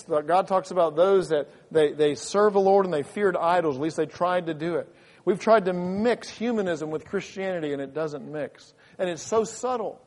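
A man's voice: high voice, a little mellow. A man preaching a sermon as pastor in a church, fervent and full of repeated restarts. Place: church sanctuary. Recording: long hall reverb.

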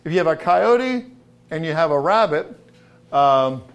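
A middle-aged man preaching a sermon in a folksy way, building to emphatic, drawn-out stresses on key words. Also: on the high side, expressive, smooth.

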